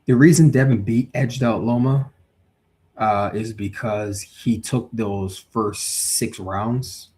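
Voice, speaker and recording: A lower-voiced man hosting a live stream in a relaxed, chatty way. He argues hard for his views, gets heated and reads viewer comments aloud. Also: takes it slowly. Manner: animated, opinionated, reads chat aloud. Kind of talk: casual live boxing talk.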